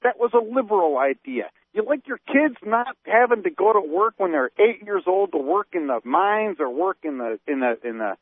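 High-voiced man ranting on a phone-like line. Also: sing-song, normal speed, hardly any pauses, slightly rough, no echo. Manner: ranting, fires off rhetorical questions. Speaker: co-host. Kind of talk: political talk radio discussion. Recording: tinny phone-like dry sound.

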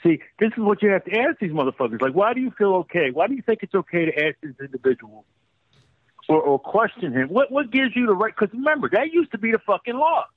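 Animated, profane male radio host. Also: high-pitched, fast talker, slightly rough, no echo, phone-quality sound. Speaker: radio talk show host. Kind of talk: heated talk radio rant.

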